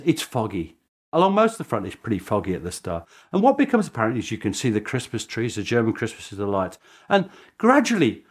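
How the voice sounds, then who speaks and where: British male historian, lively chuckling storyteller, slightly high. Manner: animated storytelling with chuckling asides. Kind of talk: documentary interview.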